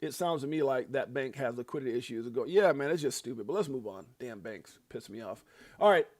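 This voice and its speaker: A man's voice: medium pitch, animated, a little fast, darkish tone, no room sound, studio quality. A middle-aged American man hosting a crypto livestream, venting heatedly about his bank and swearing freely. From United States. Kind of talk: casual ranting livestream talk.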